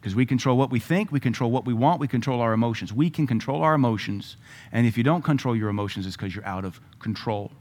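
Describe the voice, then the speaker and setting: A middle-aged man preaching a sermon, emphatic, with loud bursts when he quotes scripture. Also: medium pitch, fast talker.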